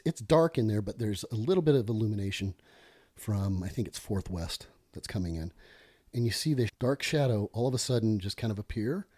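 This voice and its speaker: A middle-aged former police lieutenant with a lowish voice tells a story as a podcast guest, animated and constantly interrupting himself.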